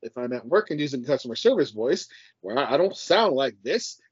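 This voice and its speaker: A man's voice: mid-range voice, sing-song, a little fast, breathy edge, no echo. A man co-hosting a casual podcast. He talks with emphasis and passion and swears freely. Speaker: podcast co-host. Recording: dull dry podcast audio.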